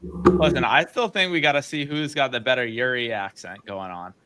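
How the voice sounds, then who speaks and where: A man's voice: mid-range voice, moderate pace, bright, forceful tone, clean tone, poor audio. A man joking in an upbeat casual chat.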